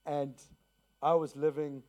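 A man's voice: a little high, flat delivery, takes it slowly, phone-quality sound. A man from South Africa preaching a sermon to a congregation, telling a personal story, asking the listeners questions and repeating key phrases. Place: church to a congregation.

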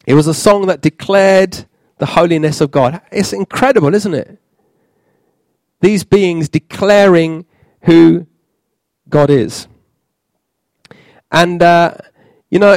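A man preaching a sermon in a church, halting, with many fillers and restarts. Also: fairly high pitch, darkish tone, no echo.

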